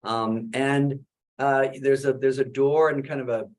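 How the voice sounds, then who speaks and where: A middle-aged man, a Jesuit priest, giving a conversational webinar talk about his book, full of "uh" fillers and animated questions. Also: mid-range voice, measured pace.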